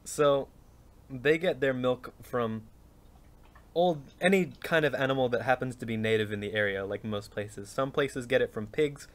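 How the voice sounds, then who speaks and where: A man's voice: mid-range voice, moderate pace. A man serving as dungeon master, running a tabletop game in a casual, joking way and making rulings on the fly.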